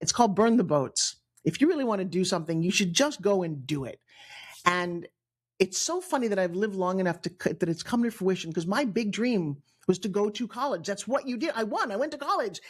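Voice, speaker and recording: A middle-aged woman from New York with a New York accent, telling her own life story on a podcast in an animated way, acting out the people she quotes. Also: mid-range voice, brisk, husky. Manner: animated, acts out quoted voices, frequent restarts. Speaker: guest storyteller.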